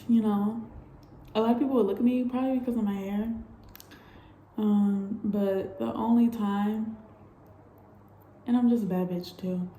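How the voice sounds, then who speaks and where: Young woman vlogger, candid and animated, mellow timbre, echoey room with faint background hum. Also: medium pitch. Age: young adult. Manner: candid, animated storytelling with frequent swearing and laughs. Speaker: travel vlogger. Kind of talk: casual storytelling vlog.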